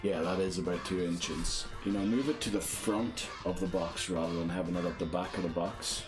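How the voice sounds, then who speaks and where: A man's voice: low-pitched, steady tone, normal speed. A man giving casual, self-deprecating commentary to viewers while playing a motion-control game live. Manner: chatty, self-deprecating, thinking aloud to viewers. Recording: game music playing behind the voice. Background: game music.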